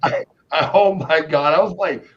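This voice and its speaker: A middle-aged man co-hosts a livestream, swapping stories in casual banter while swearing freely and laughing often. His voice is on the high side at a moderate pace, and the recording sounds slightly muffled with faint noise.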